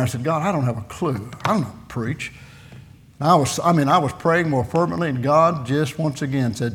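A man in his sixties, a missionary preaching a folksy sermon in a church, telling personal stories and building to loud, fervent peaks. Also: mid-range voice. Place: church sanctuary.

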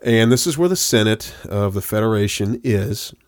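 A man's voice: lowish voice, expressive, moderate pace, no room sound, studio quality. A man co-hosting a podcast, chatting casually and joking while recapping a movie. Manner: laid-back, joking, says "dude" and "man". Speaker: podcast co-host.

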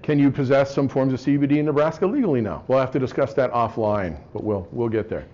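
A man giving a wry, joking lecture to a live audience, often clearing his throat. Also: medium pitch, expressive, fast talker, dark tone. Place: room with an audience. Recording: slightly dull lo-fi recording.

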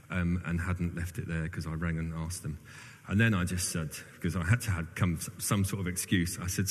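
A clergyman preaching an informal sermon to his congregation, chatty and self-deprecating. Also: sits low. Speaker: church clergyman. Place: large reverberant church hall. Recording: long hall reverb.

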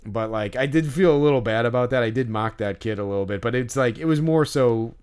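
A man's voice: mid-range voice, brisk, a little mellow, clean tone. Rambling, swearing male podcast co-host. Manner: rambling storyteller, many fillers and restarts, swears freely. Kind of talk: casual chat.

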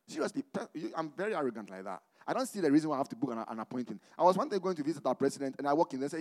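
A man's voice: very animated, rapid-fire, hardly any pauses. Man preaching with call-and-response. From Ghana. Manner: call-and-response preaching, asking "what?" for the congregation to finish; swings between loud emphatic proclaiming and low conversational asides. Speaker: pastor. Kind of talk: sermon.

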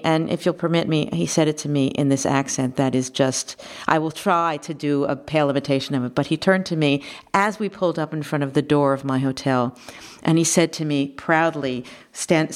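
Deep-voiced articulate woman. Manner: articulate, slightly formal phrasing. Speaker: podcast co-host, designer. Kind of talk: casual conversation.

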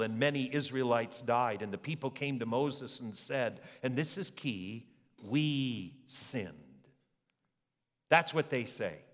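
Animated preacher in a reverberant hall. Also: male voice, mid-range voice. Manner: animated preaching, rhetorical questions to the congregation. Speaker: pastor. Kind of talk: sermon.

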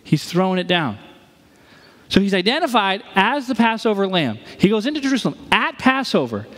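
A man's voice: high voice, very animated, fairly quick, a bit bright, big-room sound. A man preaching a sermon in a conversational way, posing rhetorical questions to his listeners. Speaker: pastor.

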